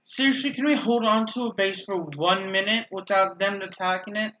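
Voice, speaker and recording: With a high, bright, forceful voice at normal speed and slight background noise, the gaming channel host comments casually on his video game. His talk rambles and self-corrects, with dry sarcasm aimed at teammates.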